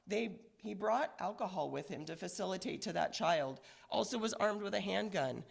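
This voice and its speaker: Hoarse, gravelly-voiced woman police commander, earnest press briefing, halting with fillers. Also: medium pitch, expressive. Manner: measured, earnest, with frequent fillers. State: hoarse, recovering from illness. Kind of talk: press conference statement.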